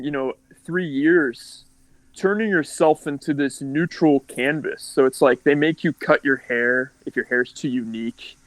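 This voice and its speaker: On a podcast, a young man from California rambles candidly through his life story in casual fashion, with plenty of "like" and restarts. His voice is medium-pitched, and the recording is rough with no room sound.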